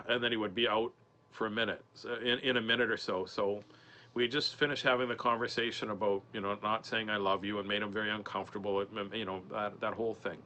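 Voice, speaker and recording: A man in his forties, a comedian guest on a podcast, telling a personal story in an earnest, halting way with many restarts. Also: lowish voice, fairly even intonation, sharp tone. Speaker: podcast guest, comedian and mental health speaker. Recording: dull lo-fi sound with faint noise.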